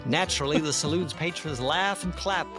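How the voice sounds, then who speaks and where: Man on a podcast, deadpan comic storytelling, slightly high voice, music under it. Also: moderate pace. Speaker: podcast panelist.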